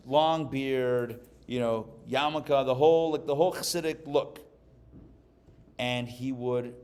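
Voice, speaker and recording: A man from Pittsburgh, a rabbi giving a live class, who tells stories and jokes in an animated way. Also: medium pitch. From Pittsburgh, USA. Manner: animated, joking storyteller. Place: live class before an audience.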